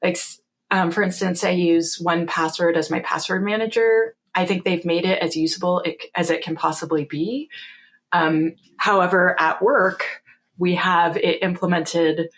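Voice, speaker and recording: A woman with a Canadian accent, speaking in a fairly low register. She is in her forties and chats as an interview guest, animated and quick to laugh, often slipping into dry quotes of what she told people. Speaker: guest, security author. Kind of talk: casual interview storytelling.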